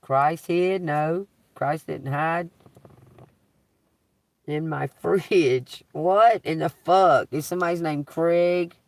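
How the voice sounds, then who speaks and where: A man live-streaming a psychic reading from inside a car, talking slowly, spelling out letters and swearing casually. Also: a little high, no echo, distant mic.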